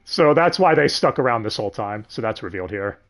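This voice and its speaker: A man hosting a casual, profane review of an anime dub, sardonic and quick to laugh. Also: fairly low pitch, animated. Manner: sardonic, swears freely, laughs often.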